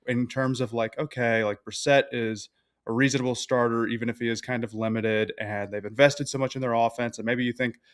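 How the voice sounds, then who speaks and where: A young man guests on a sports podcast and talks through his football analysis at a steady, measured pace, filling pauses with likes and uhs. His voice sits at a middle pitch with an everyday tone. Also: clear, resonant tone.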